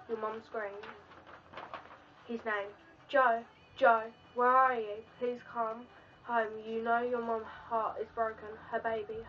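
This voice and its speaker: A woman's voice: fairly high pitch, distant mic, muffled recording. A woman vlogger telling an emotional story in the second person, earnest and pleading.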